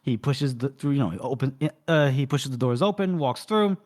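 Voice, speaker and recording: A man's voice: medium pitch, expressive, normal speed, a little mellow. Casual podcast man retelling a story. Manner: rambling retelling with many fillers, acting out lines. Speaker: podcast co-host. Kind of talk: casual book recap.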